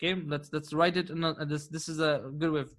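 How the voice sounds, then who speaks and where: A man teaching an Arabic grammar class, patiently quizzing his students, praising their answers and slowing down to spell out key terms. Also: a little high, fairly even intonation, fairly bright tone. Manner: slows down to dictate key terms.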